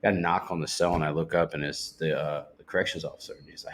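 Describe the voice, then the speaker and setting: A man with a very low voice tells his recovery story on a podcast. He speaks bluntly, swears freely and acts out what others said to him. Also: fairly even intonation, fairly quick, slight background noise. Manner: candid, swears freely, retells talk in quotes. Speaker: podcast guest. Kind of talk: personal recovery testimony.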